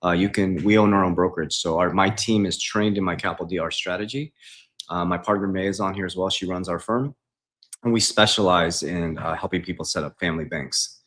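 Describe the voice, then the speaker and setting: A man's voice: sits low, steady tone, a little fast, a bit bright. A man, an investing coach, talking casually on a livestream from his home kitchen, reading out viewer comments and answering them in a loose, chatty way.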